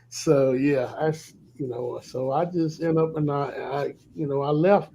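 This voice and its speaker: A man, telling a candid, confessional story in casual chat, often trailing off softly. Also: a little high, fairly even intonation, slow pace, vocal fry, long pauses, muffled recording.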